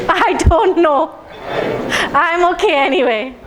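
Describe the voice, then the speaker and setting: A woman's voice: high-pitched, moderate pace, a crowd in the background, low-quality recording. A woman speaking to a live audience, asking them questions and leading them through guided tapping phrases. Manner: engaging, asks the audience questions. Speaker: speaker leading a health talk. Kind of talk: public talk to a live audience. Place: lecture room with an audience.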